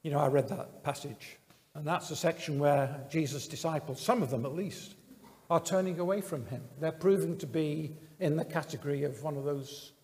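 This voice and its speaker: A man's voice: a little high, darkish tone, a little hiss or hum. Man preaching in a reverberant hall. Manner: earnest, measured, with many pauses and fillers. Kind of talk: sermon.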